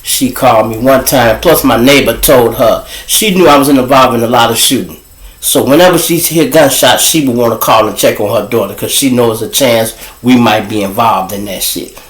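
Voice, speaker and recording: A man telling casual, profane street stories as host, animated and swearing freely. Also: moderate pace, reverberant, low-quality recording. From Chicago. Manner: animated, profane, jumps to high voices for quoted people. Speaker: storyteller host.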